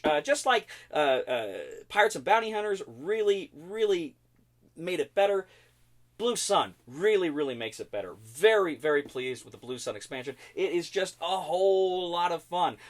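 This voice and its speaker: A man hosting a board game review show, talking to camera with enthusiasm and repeating words for emphasis. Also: on the high side.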